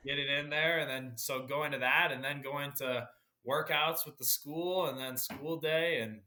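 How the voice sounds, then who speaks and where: A teenage boy, a high school athlete, giving easygoing answers in an interview. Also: fairly even intonation, measured pace, sharp tone. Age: teens. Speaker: guest athlete.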